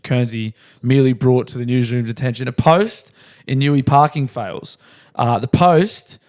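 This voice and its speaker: A man's voice: mid-range voice, normal speed. Aussie co-host, young man, fired-up ranting storyteller, coarse and profane. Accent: Australian. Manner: heated, swears constantly, animated storytelling. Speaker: podcast co-host. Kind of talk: casual profane chat.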